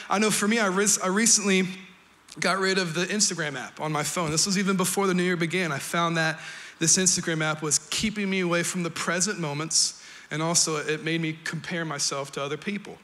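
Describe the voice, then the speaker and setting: High bright guy pastor doing a lively, jokey sermon in church, gets loud sometimes. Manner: energetic, playful, humorous preaching with bursts of shouting. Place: church sanctuary.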